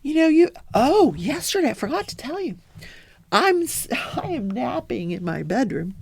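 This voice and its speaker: A woman's voice: high voice, normal speed, creaky, slightly rough, dry recording. A woman hosting her own daily talk show, chatting casually and telling a story, acting out the people in it. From South Florida. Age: older. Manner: chatty storyteller, quotes people in lively voices. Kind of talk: casual chat.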